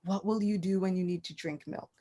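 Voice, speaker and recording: A woman voicing a gentle, indulgent father who speaks softly and soothingly to his small son. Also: a little fast, close to an everyday voice. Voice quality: soft, soothing and lower.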